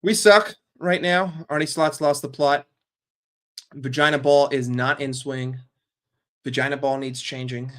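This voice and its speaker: A man's voice: medium pitch, steady tone, measured pace, a bit bright. A man hosting a football fan channel, giving a heated, profane and sarcastic rant. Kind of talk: casual ranting commentary.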